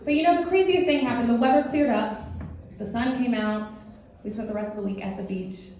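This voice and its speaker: A woman telling a funny first-person story to a live audience, animated and self-mocking in a casual way. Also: a little high, a little fast. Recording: echoey hall, distant dull mic, faint hiss.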